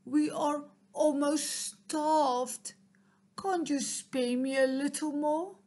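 A woman's voice: high voice, steady tone, very slow, mellow, pitched above the performer's own voice. A woman voicing a starving, begging fox. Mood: pleading. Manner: polite, begging. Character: hungry humble male fox, pleading father.

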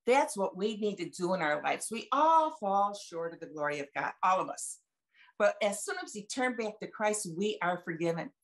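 A woman's voice: mid-range voice, sing-song, normal speed. A woman in her seventies sharing a personal faith testimony over a video call, chatty and folksy, retelling conversations with emphasis. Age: 70s. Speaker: guest speaker sharing testimony.

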